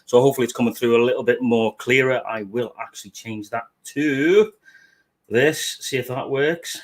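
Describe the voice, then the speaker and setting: British man, livestream host, casual banter, average pitch. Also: normal speed. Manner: sweary, jokey, fiddling with his setup while talking. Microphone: webcam setup at a desk.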